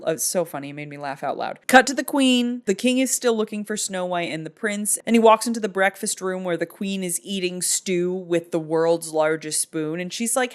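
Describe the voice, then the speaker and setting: A woman's voice: medium pitch, normal speed, few pauses. A woman in her thirties, casually recapping a movie in a chatty, amused, rambling way.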